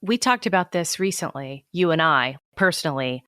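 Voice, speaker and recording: A woman's voice: low-pitched, animated, moderate pace, fairly bright tone, clear, resonant tone, no room sound, studio quality. A woman co-hosting a podcast, asking thoughtful, reflective questions in casual conversation. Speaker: podcast co-host.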